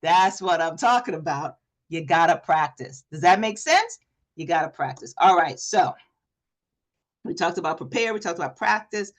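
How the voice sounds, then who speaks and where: Energetic woman coaching a live online class. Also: fairly low pitch, normal speed. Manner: energetic, talks straight to the audience with repeated questions. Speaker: presentation coach. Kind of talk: live online workshop talk. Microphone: video call.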